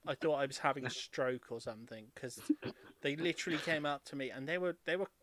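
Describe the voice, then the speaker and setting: Chatty dungeon master with a dry, close sound. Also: male voice, medium pitch, fast talker, a bit bright, dry recording. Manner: chatty, rambling, laughs often. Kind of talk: casual chat in a tabletop game stream.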